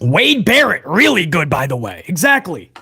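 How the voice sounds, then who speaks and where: A man's voice: a little high, huge pitch swings, normal speed, gravelly, bright, forceful tone, breathy edge. A man hosting a wrestling news channel, talking casually and bluntly to his viewers and calling them guys. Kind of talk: casual opinionated commentary to viewers.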